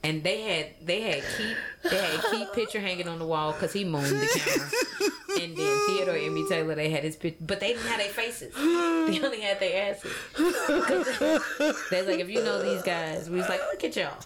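A woman comedian guest on a casual podcast, telling animated stories and laughing through her lines. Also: mid-range voice, normal speed, over a noisy crowd. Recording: loud background noise.

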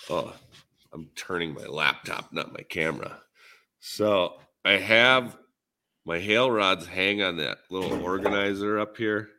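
A man's voice: low-pitched, measured pace, bright, forceful tone. A man with a Minnesotan accent, rambling easily in a casual podcast chat with lots of fillers. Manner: rambling, easygoing, many fillers. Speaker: podcast co-host, dent repair tech.

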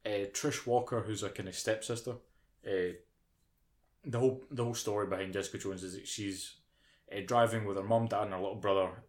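A man's voice: fairly low pitch, steady tone, brisk. A British man co-hosting a podcast, ranting casually with lots of swearing and mocking impressions. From United Kingdom. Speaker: podcast co-host. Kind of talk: casual chat.

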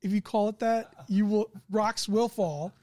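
A man's voice: high voice, fairly even intonation, unhurried, dark tone, no room sound. A man hosting a casual session zero for a tabletop game, joking and laughing often and slipping into silly accents, recorded on a close home mic. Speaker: game master.

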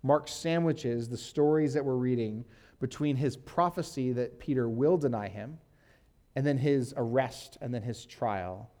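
Guy pastor doing a chill sermon, mellow low-key voice, lots of "like" and "um". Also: measured pace. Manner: casual, uses "like" and fillers, reads scripture aloud. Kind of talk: conversational sermon teaching.

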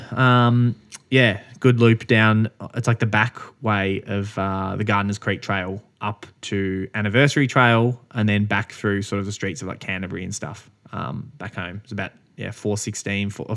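Young Aussie male co-host, low-set voice, chatty and animated, quick laughs. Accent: Australian. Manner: animated storyteller, laughs often, acts out others' lines. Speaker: podcast co-host. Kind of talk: casual chat.

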